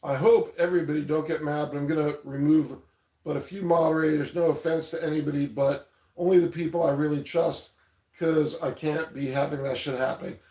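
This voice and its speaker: A man with a fairly high, dark-toned voice speaks fairly quickly with fairly even intonation, recorded on a tablet mic in an echoey room. Hosting a casual livestream, he rambles loosely, reads chat aloud and swears casually.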